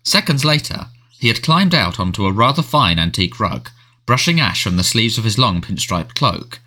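A man narrates a storybook in a measured, expressive way. His voice sits low but moves a lot in pitch. The tone is bright and forward. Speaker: audiobook narrator.

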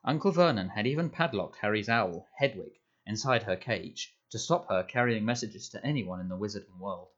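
Low-voiced man narrating a storybook. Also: animated, fairly bright tone. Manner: measured storytelling. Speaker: audiobook narrator. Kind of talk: scripted narration. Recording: dull lo-fi audio.

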